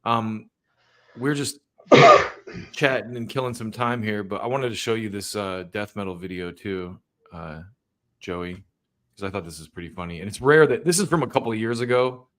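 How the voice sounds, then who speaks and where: A man with a low voice hosts a live stream. He chats casually and fills the time before his guest arrives. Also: moderate pace, pushed and bright. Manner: casual, chatty. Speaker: host.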